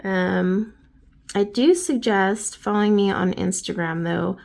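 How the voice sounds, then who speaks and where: A woman's voice: medium pitch, slow, creaky, darkish tone. A woman in her thirties, a craft YouTuber, chatting casually and rambling with many fillers while she paints, just over bronchitis. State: recovering from bronchitis.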